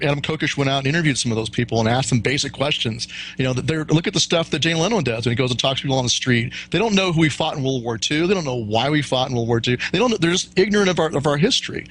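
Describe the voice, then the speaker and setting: A man speaking as a guest in a talk radio interview, earnest and steady, making preacher-like appeals. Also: mid-range voice, slight background noise.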